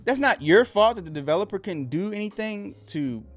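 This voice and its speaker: Animated man ranting on a live stream. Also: high voice, brisk, soft background music. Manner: animated, laughing, swearing, loud whoops. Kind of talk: casual live reaction stream chat.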